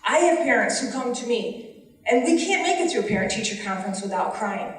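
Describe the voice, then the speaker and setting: Testifying at a hearing, this special education teacher is a middle-aged woman with a Western New York accent whose voice sits on the high side, with lively intonation and a slightly fast pace. She sounds earnest and pleading, her voice climbing with emotion. The recording picks her up from far away in a large hall full of echo.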